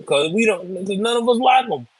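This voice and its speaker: Husky, high-toned man ranting. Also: lively intonation, normal speed, dry recording, rough recording. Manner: blunt, profane, emphatic. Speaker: live political commentary host. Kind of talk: casual ranting commentary.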